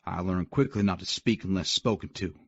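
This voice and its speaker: A man's voice: low-pitched, brisk, fairly bright tone, breathy edge, dry recording. A man narrating a romance audiobook in the first person, gritty and full of swearing. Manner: gritty, profane storytelling. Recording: dull dry lo-fi recording.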